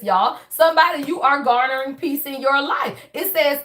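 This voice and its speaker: High-voiced, salty-tongued woman reading cards. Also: a bit bright. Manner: emphatic, profane, repeats "y'all" constantly; fast, preachy affirmations with rising bursts. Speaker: tarot reader. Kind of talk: casual spiritual reading to camera.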